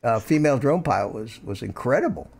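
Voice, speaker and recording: A man's voice: mid-range voice, big pitch swings, a little fast, creaky, darkish tone, slightly rough. An older man hosting a casual live stream from home, rambling and repeating words as he talks into a desk microphone. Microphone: desk microphone through a USB mixer.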